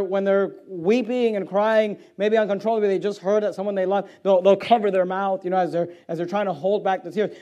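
High-voiced male preacher, loud then hushed. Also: fairly even intonation, brisk, hardly any pauses. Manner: swings from quiet low stretches to loud, high-pitched exhortation; reads scripture aloud in old-fashioned phrasing. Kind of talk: evening sermon.

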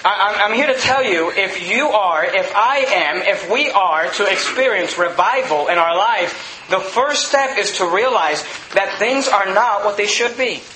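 High, bright-voiced impassioned preacher man. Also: expressive, measured pace, reverberant, slight background noise, rough recording. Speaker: pastor. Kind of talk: sermon. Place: church.

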